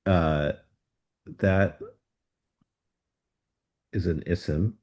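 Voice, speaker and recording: A man student answering in an online class, halting and unsure, pausing often. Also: low-pitched, steady tone, darkish tone.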